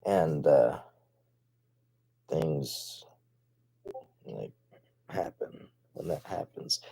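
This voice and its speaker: Rambling man with a mellow, lively voice. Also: very deep voice, drawn-out words, creaky, husky. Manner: rambling, stammering, swinging from mumbled asides to excited outbursts. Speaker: comedic vlogger. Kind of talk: absurd improvised comedy monologue.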